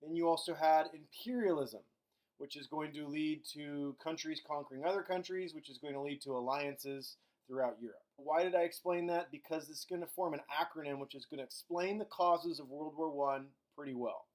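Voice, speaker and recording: A middle-aged man giving a recorded history lecture in a casual, joking way. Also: a little high. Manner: casual, acts out countries in quick silly voices. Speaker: history teacher.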